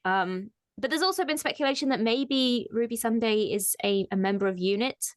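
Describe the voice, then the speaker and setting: A woman co-hosts a casual fan discussion, often laughing mid-sentence as she goes through the news. Her slightly high voice moves at normal speed in a dry, clean studio recording.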